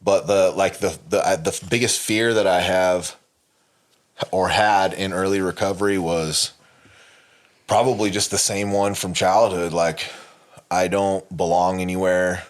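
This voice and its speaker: Deep-voiced man telling a rambling story. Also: fairly even intonation, unhurried. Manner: rambling, many fillers and restarts, swears freely. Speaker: podcast co-host. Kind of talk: candid conversational storytelling.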